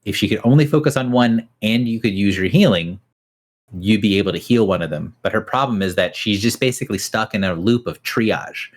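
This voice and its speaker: Casual game master, low voice. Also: male voice, brisk. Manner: casual, hesitant, many fillers. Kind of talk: narrating a tabletop game.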